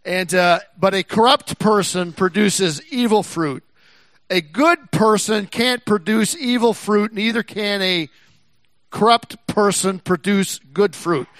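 A man's voice: sits high, slow, a bit bright, no room sound. A man from Texas preaching a sermon in a folksy, rambling way, with frequent restarts and asides. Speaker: pastor.

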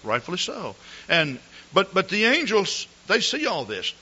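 Male pastor, lively sermon delivery on a dull lo-fi church recording. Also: high voice, measured pace. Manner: animated storytelling preacher, clears throat often. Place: church service.

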